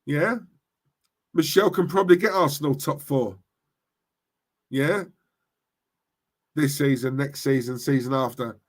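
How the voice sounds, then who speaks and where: Impassioned football fan ranting. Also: male voice, medium pitch, measured pace, long pauses. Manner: impassioned, repeats "right?" to the audience. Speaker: football fan channel host. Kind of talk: livestream rant reading chat comments.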